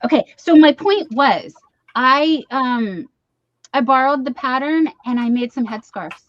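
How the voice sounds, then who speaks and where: A woman's voice: high-pitched, unhurried, no echo, muffled recording. A woman hosting a late-night livestream, chatting casually and rambling as she reads comments aloud. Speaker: live stream host. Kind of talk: casual chat.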